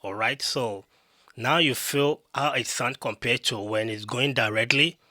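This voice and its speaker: Man, mid-pitched, chatty gear demo to camera, dry close mic. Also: a little slow, pushed and bright, no echo. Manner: repetitive, talks to viewers directly. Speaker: tech reviewer.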